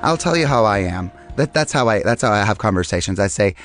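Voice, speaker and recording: A man with a low, hoarse voice that sounds roughed up and strained talks on his podcast. He rambles in a casual, chatty way and pokes fun at himself. The sound is dry and close, with no room echo. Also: expressive, fast, fairly bright tone, soft background music. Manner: rambling, self-deprecating, chatty. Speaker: podcast host. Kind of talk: casual monologue.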